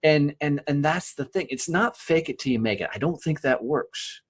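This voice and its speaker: Husky-voiced blunt storytelling man. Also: on the high side, moderate pace. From rural United States. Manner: blunt, profane, keeps asking "right?". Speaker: podcast guest. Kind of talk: casual storytelling.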